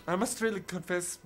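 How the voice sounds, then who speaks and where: Man, high voice, casual game walkthrough talk, stumbling over words, reads game text aloud. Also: fairly bright tone. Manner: halting, with frequent restarts and searching for words; reads on-screen dialogue aloud in his own voice. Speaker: video game let's player. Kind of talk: casual gameplay commentary.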